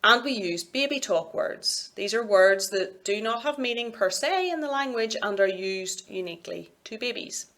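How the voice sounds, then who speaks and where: A woman with a Scottish accent delivers a recorded university lecture at a middle pitch. She explains each point clearly and steadily, slipping into a sing-song lilt for her examples. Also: lively intonation, normal speed, hardly any pauses, a bit bright.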